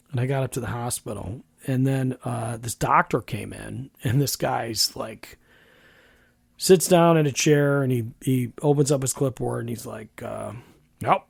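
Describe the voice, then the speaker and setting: A man's voice: medium pitch, vocal fry, darkish tone, husky, no echo. A middle-aged man, telling a personal story as a podcast host, frank and conversational with many restarts.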